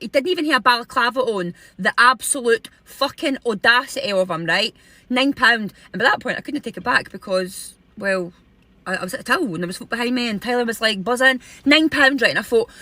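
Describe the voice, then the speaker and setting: A woman's voice: on the high side, expressive, moderate pace, pushed and bright, no echo. A Scottish woman telling an indignant, sweary story to camera. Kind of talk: casual rant to camera.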